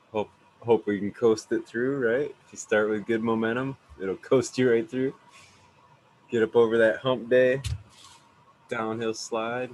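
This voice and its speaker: A man with a deep, low voice chats as a podcast guest. His talk is loose and meandering, full of likes and ums, and he swears often, with faint noise behind him. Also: rough recording. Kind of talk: casual podcast chat.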